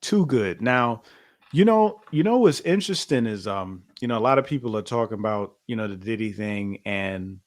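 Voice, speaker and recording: A man's voice: on the low side, lively intonation, moderate pace. A man co-hosting a podcast in casual chat, loose and conversational, with many fillers and restarts. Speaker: podcast co-host.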